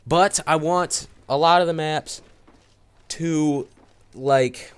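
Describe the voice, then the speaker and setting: A man's voice: on the high side, slow, clear, resonant tone. A young man giving casual gameplay commentary, rambling and repeating words with many fillers. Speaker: gaming commentator.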